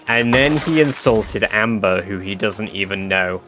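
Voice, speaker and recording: A man chatting on a game stream, telling a story in an animated, swearing manner. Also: fairly low pitch, unhurried, slight background noise. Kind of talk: casual livestream chat. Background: game music.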